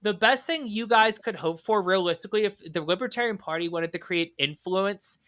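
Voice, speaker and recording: Podcast host, bright high voice, dry sound, profane rambling questions. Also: male voice, brisk, no echo. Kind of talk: casual political podcast chat.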